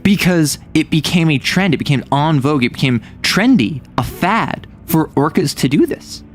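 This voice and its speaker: With faint music behind him, a young man from the United States chats animatedly on a stream in a fairly high voice at normal speed. He rambles, jokes around and often abandons thoughts midway.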